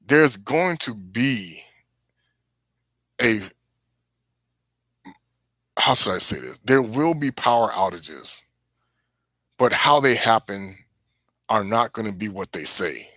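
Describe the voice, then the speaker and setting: A man's voice: fairly low pitch, expressive, takes it slowly, pauses often, pushed and bright, no room sound. A man hosting a religious live stream, preaching casually and earnestly to his viewers with warnings.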